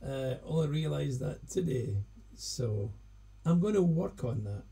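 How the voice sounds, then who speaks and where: A Scottish singer-songwriter chatting casually on a live stream between songs, rambling and self-deprecating. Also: male voice, a little high, big pitch swings, measured pace, vocal fry, mellow, breathy edge. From Scotland.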